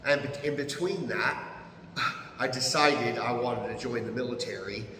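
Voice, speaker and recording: A man in his fifties with an American accent tells stories as a podcast guest, animated and profane, laughing often. His voice is bright and forceful. It rings in a roomy space with a long reverb tail. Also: medium pitch, normal speed, slight background noise. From United States. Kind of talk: casual storytelling. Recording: echoey room.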